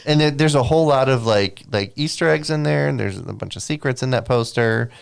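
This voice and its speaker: A man's voice: mid-range voice, fairly quick, vocal fry, smooth. A man co-hosting a gaming podcast in casual, joking chat. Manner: frequent "mm-hmm" backchannels, joking. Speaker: podcast co-host.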